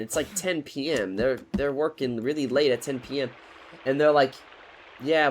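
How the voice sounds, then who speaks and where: A man's voice: mid-range voice, slight background noise, low-quality recording. A man in his twenties telling a rambling, profane storytime in a casual, joking way. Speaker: vlogger.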